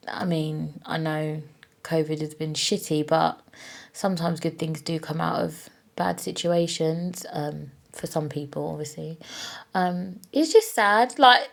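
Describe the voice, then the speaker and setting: A woman's voice: lowish voice, darkish tone. A woman hosting her own podcast, talking in a candid, casual way with plenty of swearing and fillers. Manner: candid, chatty, swears freely, many fillers. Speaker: podcast host. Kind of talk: casual solo podcast chat. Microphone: own podcast microphone.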